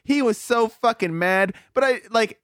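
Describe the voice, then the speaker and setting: Male, 40, higher-pitched, profane and animated raconteur; dry, close-miked recording. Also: unhurried, no room sound. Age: 40s. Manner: profane, animated storytelling with acted-out quotes. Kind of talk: casual storytelling chat.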